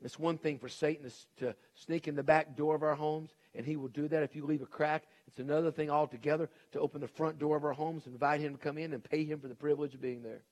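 A middle-aged male pastor preaching a sermon, swinging between shouted emphasis and hushed intensity. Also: fairly high pitch, fairly even intonation, quick pace, hardly any pauses.

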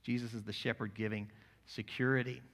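A male pastor preaching a sermon, moving between quiet, intimate lines and loud, emphatic passages. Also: mid-range voice, level tone, fairly quick.

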